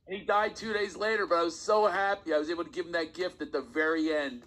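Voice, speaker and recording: A man, a stand-up comedian, telling stories on a podcast in a casual, animated way and often laughing as he talks. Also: on the high side, fast talker, poor audio. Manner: animated storyteller, laughs while talking. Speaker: guest comedian.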